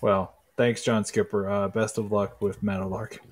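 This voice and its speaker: A man from Kentucky co-hosting a podcast, talking sports in a relaxed, joking way and laughing easily. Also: lowish voice, normal speed, hardly any pauses. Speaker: podcast co-host. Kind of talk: casual sports chat.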